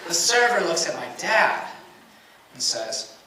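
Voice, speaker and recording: A young man performing a stand-up comedy set, telling a family story and acting out his parents' lines. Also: high voice. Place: comedy stage with a laughing audience. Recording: roomy, distant live room with loud noise.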